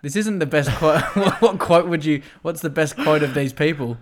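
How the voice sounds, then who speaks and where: A man's voice: fairly high pitch, normal speed, noisy background. A young Australian man co-hosting a casual podcast, joking and laughing often. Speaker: podcast co-host. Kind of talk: casual chat.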